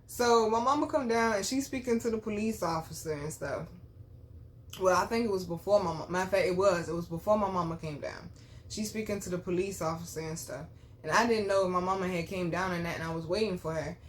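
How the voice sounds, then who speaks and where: A woman's voice: a little fast, slight background noise. Blunt, profane woman telling a story. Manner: drops to low murmurs, bursts into loud exclamations. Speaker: spiritual reader and vlogger. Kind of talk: candid storytime chat to viewers.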